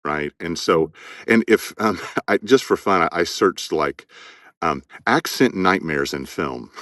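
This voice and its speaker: Deep-voiced male audiobook narrator. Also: expressive, unhurried, fairly bright tone, dry recording, studio quality. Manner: thoughtful, repeats words while building a point. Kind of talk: conversational interview.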